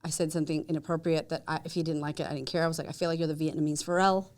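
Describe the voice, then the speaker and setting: A woman with a somewhat low speaking voice chats as a podcast guest. She tells her stories with lively energy and voices the quotes of other people in a much higher pitch. She laughs easily and drops the odd swear word. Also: very fast. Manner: animated storyteller who acts out quotes with big jumps up in pitch; swears casually and laughs often. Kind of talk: casual podcast conversation.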